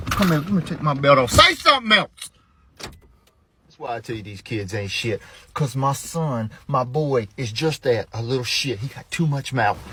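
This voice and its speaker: A man telling comic stories about his kids, animated and profane, with sudden loud outbursts. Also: medium pitch, a little hiss or hum. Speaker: storyteller, father of young kids. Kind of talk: comic storytelling with voiced quotes.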